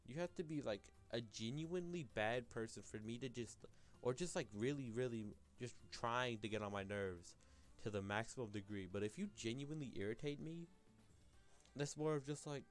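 A man's voice: mid-range voice, normal speed, soft background music. A young man talking alone on his podcast, rambling and restarting his sentences, full of filler words. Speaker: podcast host. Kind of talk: solo podcast monologue.

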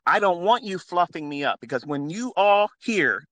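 A man hosting a live audio space, speaking into a phone in an earnest, preachy, profane monologue that swings from quiet to loud. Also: high voice, animated, moderate pace, dry recording. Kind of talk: impassioned unscripted monologue.

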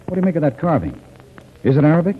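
A confident hunter hero who talks in a brisk, reassuring way. His voice moves with lively pitch, in 1940s radio-acting style. The old broadcast sounds thin and tinny, with loud hiss. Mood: curious.

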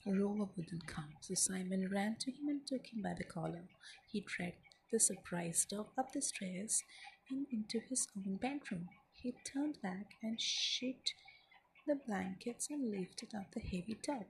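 A woman telling a children's story in soft, whispered ASMR storytelling, her voice gravelly with fry at the low end. She reads at a middling pitch, gently and unhurried, slipping in and out of whisper. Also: expressive, slight background noise, rough recording.

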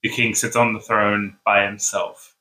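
A man's voice: on the low side, little pitch movement, measured pace, bright, forceful tone, slight background noise. A man narrating as game master in an easygoing way, explaining rules and setting scenes. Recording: echoey room.

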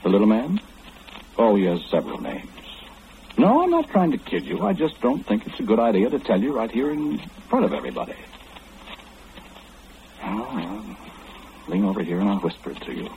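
An actor playing a calm, wry clairvoyant man who knows everything, in 1940s radio acting. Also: on the low side, creaky, narrow, tinny audio, noisy background, exaggerated voice. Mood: knowing. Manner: knowing, unhurried, gently mocking.

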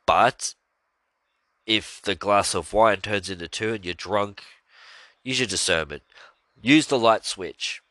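A man's voice: on the low side, takes it slowly, long pauses, pushed and bright, no room sound. A man hosting a podcast, talking earnestly and rambling about his faith, with frequent fillers and sighs. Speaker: podcast host. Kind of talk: casual religious monologue.

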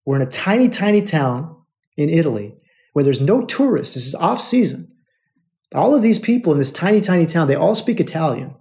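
Calling his listeners brothers, an American podcast host recounts a personal story emotionally, repeating himself often. His voice is on the high side and darkish in tone, with a sing-song delivery at a fairly quick pace.

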